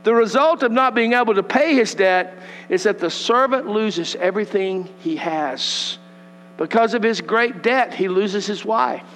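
Pastor, animated folksy sermon, big echoing sanctuary with mains hum. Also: male voice, high voice, measured pace, soft background music. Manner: animated, acts out scripture voices, folksy asides. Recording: long hall reverb with mains hum.

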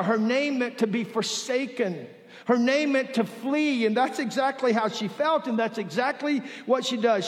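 A man preaching a sermon as pastor in a church, with dramatic pauses and soft, drawn-out emphasis. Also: high-pitched. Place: church sanctuary. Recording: reverberant hall.

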